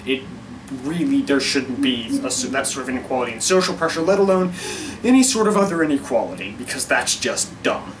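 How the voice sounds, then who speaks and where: A man's voice: mid-range voice, lively intonation, a little fast, recorded from a distance, slight background noise, poor audio. A man talking casually to camera in a vlog, giving his opinions in a wry, rambling way and often interrupting himself. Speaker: vlogger.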